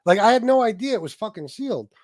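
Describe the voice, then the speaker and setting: A man's voice: sits high, expressive, fast talker, no echo, studio quality. Profane ranting man on a livestream. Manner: profane, aggressive, talks to chat. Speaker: livestream host. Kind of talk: heated livestream rant.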